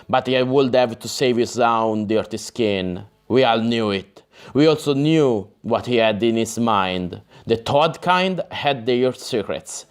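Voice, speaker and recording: A man reading an audiobook, voicing a gruff, bitter male berserker warrior with a low, growling delivery. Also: lightly acted.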